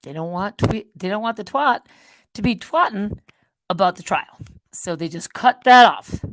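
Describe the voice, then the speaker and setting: A woman hosting her own channel, rambling in a casual monologue that swings between loud outbursts and quiet muttered asides. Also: mid-range voice, expressive, normal speed, slight background noise. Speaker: channel host.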